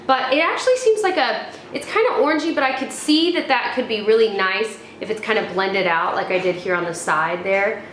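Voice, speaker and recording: This young American beauty vlogger talks fairly quickly in a mid-range, fairly bright voice with lively intonation. She reviews products in a casual, chatty ramble, restarting often and using many fillers, in an echoey room with faint background noise.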